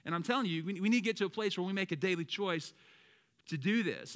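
A young male pastor preaching a sermon, swinging between loud emphatic lines and low quiet ones and calling on the congregation to respond. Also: expressive, quick pace. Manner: calls out to the congregation, asks them to repeat words.

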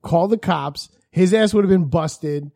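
Sarcastic, high-voiced male co-host. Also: normal speed, vocal fry, a little mellow, no echo, clean studio sound. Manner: sarcastic wisecracks. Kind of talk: casual podcast chat.

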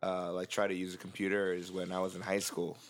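Brief: man, thirties, slightly low voice, storyteller who acts out every line he quotes. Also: fast, slight background noise. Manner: animated anecdote-telling, acts out his mom's lines. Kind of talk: casual storytelling among friends.

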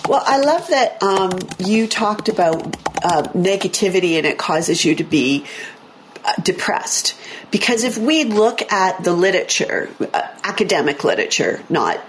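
A woman hosting a radio talk show, explaining brain science in a chatty, self-correcting way, her voice a little hoarse. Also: mid-range voice, lively intonation, moderate pace, hardly any pauses, a little hiss or hum. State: slightly hoarse, losing her voice. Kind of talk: casual talk radio chat. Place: radio studio.

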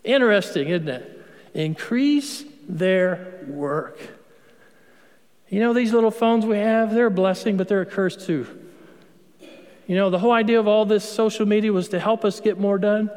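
A priest giving a sermon in an emphatic, conversational way, repeating words for effect. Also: male voice, sits high, fairly quick. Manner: conversational preaching, emphatic repetition. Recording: long hall reverb.

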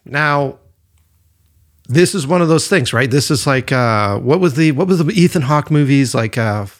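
A man co-hosting a podcast, telling a personal story in a loose, animated way and swearing freely. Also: mid-range voice, moderate pace. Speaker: podcast co-host. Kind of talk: casual storytelling chat.

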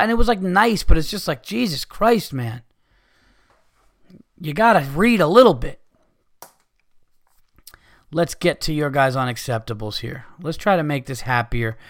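A man's voice: a little high, animated, measured pace, long pauses, fairly bright tone. A man hosting a podcast, ranting heatedly with lots of swearing. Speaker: podcast host.

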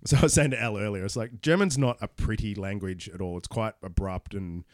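A man's voice: lowish voice, brisk, no room sound, clean studio sound. A man co-hosting a casual film chat, praising things effusively and emphatically. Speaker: film podcast co-host.

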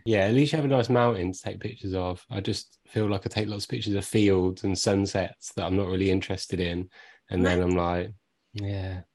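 Laid-back Midlands man, low voice. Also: steady tone, brisk, darkish tone. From English Midlands. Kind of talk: casual chat.

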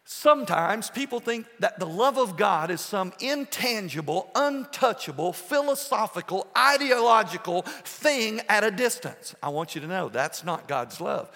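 A male pastor preaching a passionate sermon, swinging between soft, low passages and loud bursts. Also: sing-song, a little slow, hardly any pauses. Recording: long hall reverb.

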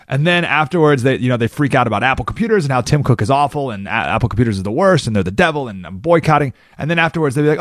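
Animated male talk radio host. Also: mid-range voice, very fast, hardly any pauses, no room sound, clean studio sound. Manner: animated, acts out quoted people in character voices. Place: radio studio.

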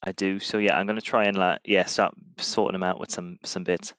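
A man playing a tabletop game, rambling in a lively, casual way. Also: deep voice, a little fast, smooth, no room sound. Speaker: player.

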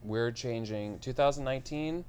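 A man's voice: medium pitch, normal speed, a little mellow, slight background noise. A man co-hosting a casual film review podcast, dry and sardonic, swearing casually. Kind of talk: casual chat.

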